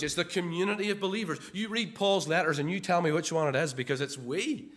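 A man's voice: fairly high pitch, fast talker, hardly any pauses, a bit bright. Man, sermon, conversational, repeats himself, rhetorical questions. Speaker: preacher.

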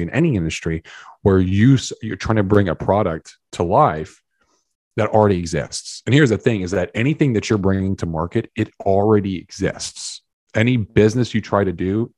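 Male podcast guest, low voice, lively storyteller, dry sound. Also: no echo. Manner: animated storyteller, acts out quotes. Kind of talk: casual conversation.

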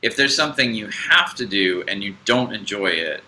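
A man with a low voice and a bright, forceful edge, chatting on a podcast about spiritual ideas. He rambles and restarts his sentences often, with a faint hum of room ambience behind him. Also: expressive, moderate pace, rough recording. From United States. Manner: rambling, hesitant, many fillers and restarts. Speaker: podcast co-host. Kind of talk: casual spiritual podcast chat.

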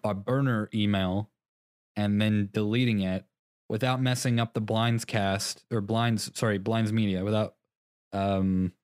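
A young man with a fairly low voice chats casually as a podcast co-host. He rambles and laughs at himself. The sound is dry and close. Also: steady tone, measured pace, darkish tone, clean tone, dry recording. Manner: rambling, self-mocking, laughs often. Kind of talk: casual chat.

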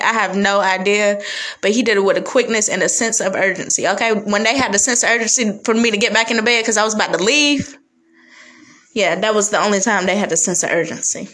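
A woman on a podcast telling a personal story in a blunt, animated, casual way, with Southern US slang. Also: on the high side, brisk, low-quality recording. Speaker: podcast guest.

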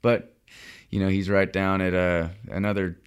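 Chill young dude, fishing guide, kinda low voice, lots of uhs and you knows. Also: male voice, little pitch movement, moderate pace, clean tone. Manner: laid-back, lots of fillers and restarts. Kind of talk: casual podcast chat.

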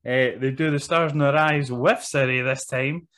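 A man's voice: mid-range voice, steady tone, normal speed, fairly bright tone. A man hosting a podcast, laid-back and swearing as he runs through segments in casual chat. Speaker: podcast host.

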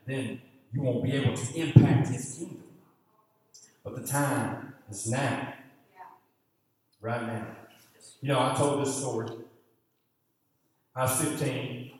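A man's voice: a little slow, pauses often. Man, preacher in a church. Storytelling sermon with muttered asides, heard from far off in a roomy, echoing hall. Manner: storytelling, acts out his own thoughts with big pitch jumps; drops to a muttering hush for inner grumbling. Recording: echoey hall, voice from far off, faint ambience.

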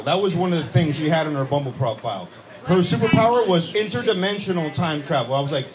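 Cast a high-voiced male comic for rowdy club stand-up, with a noisy crowd behind him. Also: animated, fairly quick. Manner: brash, profane, teasing the crowd. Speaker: stand-up comedian. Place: comedy club with a live audience. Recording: loud crowd noise in a club. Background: audience laughter and chatter.

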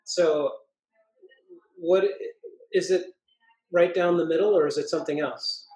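Animated high-voiced man in an echoey room. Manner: animated, thinks aloud with restarts, quotes scripture in slow emphasis. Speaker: pastor co-host of a church podcast. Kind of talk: casual podcast discussion. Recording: roomy echo.

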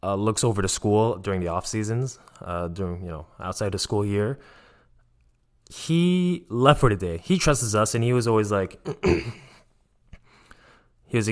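A man's voice: lowish voice, a little slow, pauses often. A young man casually telling a story about his missionary days, rambling with many fillers and acting out what others said. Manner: rambling, filler-heavy, animated quoting of others.

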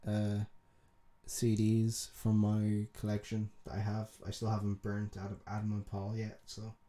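A man's voice: fairly low pitch, completely flat delivery, unhurried, mellow. A young man with a Dublin accent, co-hosting a podcast in loose, rambling, sweary chat. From Dublin, Ireland. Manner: rambling, sweary, laughs a lot. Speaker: podcast co-host. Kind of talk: casual chat.

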